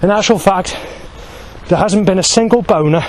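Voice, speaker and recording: A vlogger in his forties stands outdoors by a road under a bridge, delivering an agitated, aggrieved monologue to camera that keeps circling back and restarting. His voice sits high at a moderate pace. Traffic passes in the background of this low-quality recording.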